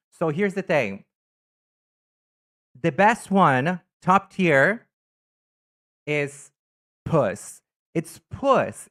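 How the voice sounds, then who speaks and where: Campy guy on a live stream, voice swooping all over, chatting with viewers. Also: on the high side. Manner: campy, animated, greets viewers by name. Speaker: live streamer reading chat. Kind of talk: casual live-stream chat ranking items.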